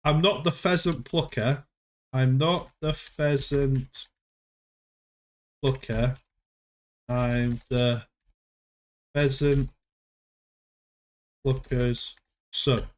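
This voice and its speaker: A man hosting a casual livestream, playful and quick to exclaim and laugh. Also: mid-range voice, steady tone. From United Kingdom. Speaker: livestream host.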